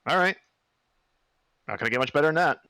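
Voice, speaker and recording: A man's voice: fairly high pitch, animated, quick pace, gravelly, pushed and bright, a little hiss or hum. A man playing a tabletop game, speaking tersely and dryly about his character's moves. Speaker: player.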